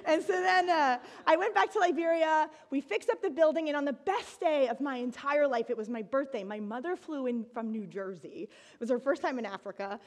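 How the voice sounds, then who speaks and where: A woman from the United States tells her story to an audience in a high, bright voice. She talks in an animated way, laughs often, and now and then breaks into excited shouts. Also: fairly quick. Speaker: speaker giving a talk.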